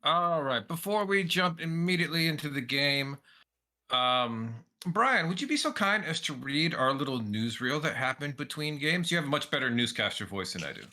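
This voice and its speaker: A man's voice: on the high side, lively intonation, normal speed, sharp tone. A man running a tabletop game, talking casually in an easygoing way. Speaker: game master. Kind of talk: casual chat.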